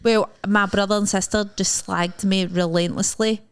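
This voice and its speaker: A woman's voice: medium pitch, fairly even intonation, moderate pace, clean tone, no echo. A Scottish woman co-hosting a podcast, teasing and blunt in casual chat. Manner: blunt, teasing, swears freely. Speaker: podcast co-host.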